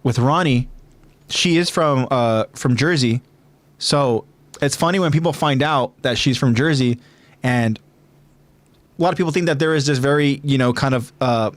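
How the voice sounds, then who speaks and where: A man's voice: mid-range voice, moderate pace, no room sound. A man hosting a podcast in casual chat, rambling with many fillers and restarts. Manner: rambling, filler-heavy, hesitant. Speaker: podcast host.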